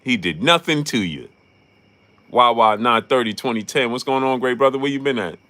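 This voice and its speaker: A man's voice: mid-range voice, lively intonation, normal speed, pushed and bright. A man hosting a casual boxing livestream, greeting chat viewers and laughing often. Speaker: boxing talk show host.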